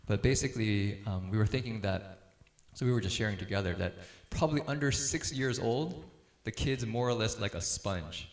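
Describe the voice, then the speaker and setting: Casting note: middle-aged man, lowish voice, easygoing speaker on family life, talking in a roomy hall. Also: normal speed, few pauses. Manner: relaxed storyteller, laughs easily, acts out quotes. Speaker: speaker on parenting. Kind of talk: casual talk to a group.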